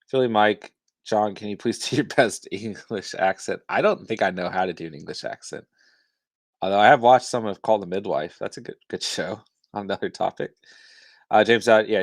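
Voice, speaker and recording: A man's voice: deep voice, creaky, dry recording. A young adult man hosting a casual live stream, reading viewer chat aloud in an easygoing way. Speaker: host.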